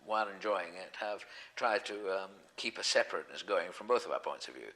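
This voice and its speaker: A man's voice: low-pitched, animated, brisk, pushed and bright, low-quality recording. A man, chatting as an interview guest, rambling with frequent ums and self-corrections. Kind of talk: relaxed anecdotal chat.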